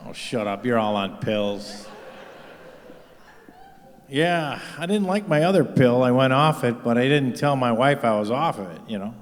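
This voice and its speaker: A man performs stand-up comedy in a live venue, his voice bouncing around a big reverberant hall. He rambles from bit to bit with a lively, wide-ranging pitch. He swears freely and runs himself down. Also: measured pace. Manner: rambling, profane, self-deprecating delivery.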